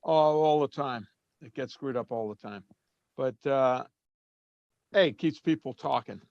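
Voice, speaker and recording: A man's voice: medium pitch, a little slow, gravelly, darkish tone, no room sound, dull audio. A man talking casually as a guest in an interview, easygoing and rambling with many fillers. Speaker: drummer guest.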